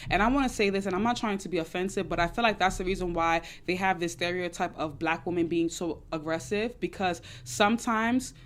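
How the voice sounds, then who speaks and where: A young woman hosting a casual chat, answering audience questions on dating in an emphatic, preachy way and repeating her points. She talks a little loud and excited. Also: on the low side, fairly quick, hardly any pauses, slight background noise. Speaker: dating advice host.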